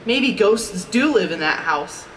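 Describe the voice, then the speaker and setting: A woman's voice: mid-range voice, expressive, measured pace, a bit bright, echoey room. A woman voicing a boastful grown male cartoon duck in a storybook reading, with a showy, indignant manner. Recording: distant mic with background noise.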